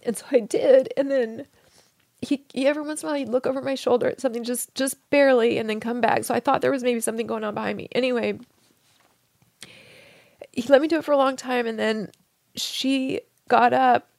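A woman in an interview, telling a deeply personal story in a tender, hushed way that often sinks to a soft whisper. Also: steady tone, fairly quick, gravelly, no echo. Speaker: interview guest.

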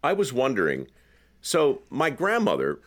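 A man's voice: medium pitch, wildly swooping pitch, measured pace. A man hosting a casual conversation, telling reflective stories with wry asides. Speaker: podcast host.

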